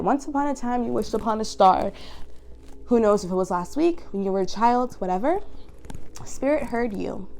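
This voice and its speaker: A young woman giving a tarot reading, emotional and animated, slowing down to stress her points. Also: mid-range voice, creaky. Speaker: tarot reader.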